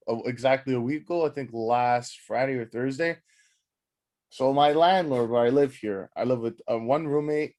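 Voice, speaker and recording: A young man rambling through a story on his podcast, swearing freely. He is animated and slips into acting out what people said along the way. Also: mid-range voice. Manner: rambling, profane, animated, acts out quotes. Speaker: podcast host. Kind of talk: casual storytelling monologue.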